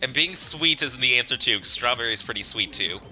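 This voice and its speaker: A young-sounding male streamer jokes with his friends while playing, his voice very bright and sharp. He giggles through his lines. Faint game music runs behind him. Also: medium pitch, expressive, fairly quick, poor audio. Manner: giggly, jokey. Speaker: streamer host. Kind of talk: casual gaming chat.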